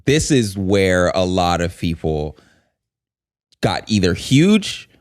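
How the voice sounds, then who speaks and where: A man's voice: sits low, sing-song, slow pace, no room sound, clean studio sound. A man co-hosting a comedy podcast, telling rambling stories full of fillers. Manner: rambling storyteller, lots of "like". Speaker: podcast co-host. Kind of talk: casual chat.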